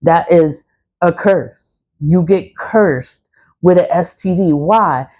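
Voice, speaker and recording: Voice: medium pitch, slow pace, a little mellow, muffled recording. A speaker in their forties giving a casual spiritual monologue as a practitioner. They talk bluntly and preachily, repeat themselves and swear freely. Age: 40s. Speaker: spiritual practitioner selling cleansing products.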